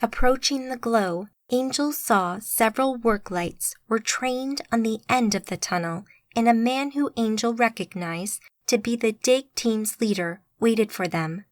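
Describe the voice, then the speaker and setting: A woman giving steady, scripted audiobook narration. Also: fairly high pitch, unhurried, few pauses, dry recording.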